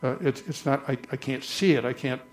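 Man, pastor, conversational sermon, mid-pitched voice, slows for scripture. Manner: conversational preaching, reads scripture slowly.

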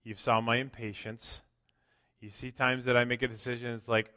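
A man preaching a sermon as pastor, swinging from loud emphatic lines to quiet asides. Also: mid-range voice, flat delivery, normal speed. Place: church. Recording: long church hall reverb.

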